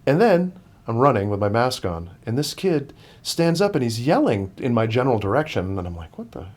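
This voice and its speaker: A man's voice: mid-range voice, very animated, fairly quick, a little mellow. A man, a podcast guest, telling a long story in casual chat, with many restarts and fillers.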